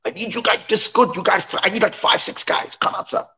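A man putting on a pleading rough peasant. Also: sits high, fairly quick, pushed and bright, pitched above the performer's own voice. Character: rough pleading male peasant, middle-aged.

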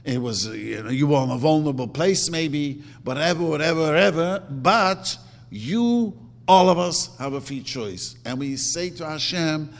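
A man's voice: mid-range voice, lively intonation, moderate pace. A man teaching a religious lecture, emphatic, repeating his words and acting out quotes. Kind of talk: Torah lecture. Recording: long hall reverb.

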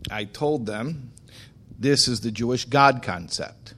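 Rabbi, male, mid-pitched voice, slow emphatic storyteller who acts out the dialogue. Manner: animated storyteller acting out dialogue. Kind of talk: storytelling talk on faith.

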